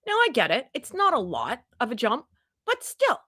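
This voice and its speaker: A woman from Canada hosting a casual livestream from home, chatty and self-deprecating, greeting viewers by name in a loud voice. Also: on the high side, huge pitch swings, brisk, dry recording, studio quality. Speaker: livestream host. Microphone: desk microphone.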